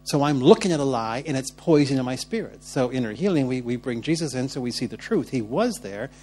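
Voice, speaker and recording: An animated male preacher with an average-pitched voice, moving between hushed, slow asides and sudden loud, fast bursts. He speaks straight to his congregation and often checks in with them as he goes. A faint hum runs underneath the recording. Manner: laughs often while telling stories; talks straight to the congregation with repeated "all right?". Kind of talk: sermon with personal storytelling.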